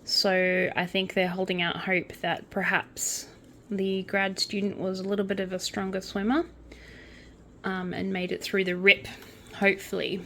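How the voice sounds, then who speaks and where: A woman's voice: mid-range voice, flat delivery, a little slow, slight background noise. A young woman hosting a casual crochet and true-crime channel, reading news items aloud and adding chatty asides. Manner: chatty, with asides and quiet counting under her breath.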